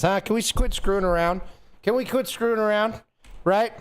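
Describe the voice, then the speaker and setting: A man's voice: sits high, lively intonation, normal speed, long pauses. A man hosting a livestream, delivering a theatrical, impassioned mock-serious rant and getting worked up as he goes. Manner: coughs and trails off between thoughts. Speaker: livestream host.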